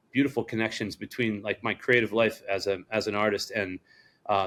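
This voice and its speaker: A middle-aged man from Rhode Island, a surf shop owner, telling a story as a podcast guest in a casual, rambling way, acting out the people he quotes and swearing freely. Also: fairly low pitch. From Rhode Island, United States. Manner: rambling, animated quoting, frequent swearing.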